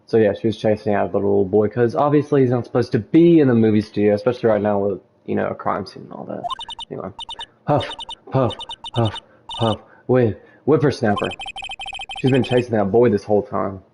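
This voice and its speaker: A man's voice: fairly low pitch, fast talker, gravelly, dark tone, slight background noise. A man casually commenting on a game he plays and chatting to his viewers, over game music. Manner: chatty, friendly asides to viewers. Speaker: let's play host.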